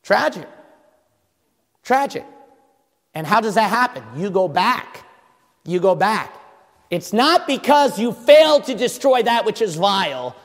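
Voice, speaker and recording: High, lively preaching man in an echoey hall. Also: measured pace. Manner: fervent preaching with rhetorical questions to the congregation. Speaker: pastor. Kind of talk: sermon.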